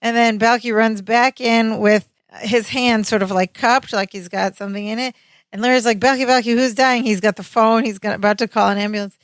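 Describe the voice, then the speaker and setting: A woman of middle pitch, chatting casually as a podcast co-host. She retells a sitcom scene with animated delivery and acts out the characters' lines. The recording is dry and close-miked. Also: fairly quick, clear, resonant tone, no room sound. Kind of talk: casual chat recapping a sitcom.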